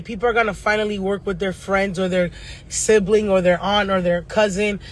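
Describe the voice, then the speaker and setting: A woman astrologer delivers her reading as a casual rant, blunt and full of swearing. Her voice is bright and forward, and she keeps wandering off on tangents before pulling back to the forecast. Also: mid-range voice. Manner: blunt, profane, fast-ranting with tangents. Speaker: astrologer and tarot reader.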